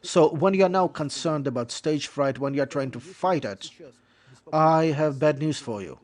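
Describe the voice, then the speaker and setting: A man delivering a lecture as a voice-over, in a measured explanatory way, often restating points and correcting himself mid-phrase. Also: medium pitch, darkish tone. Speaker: lecturer on interpreting.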